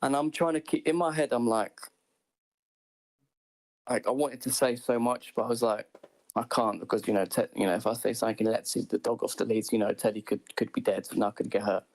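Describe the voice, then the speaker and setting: A man's voice: medium pitch, steady tone, brisk, darkish tone, poor audio. A man telling a long personal story in casual chat, rambling with many restarts.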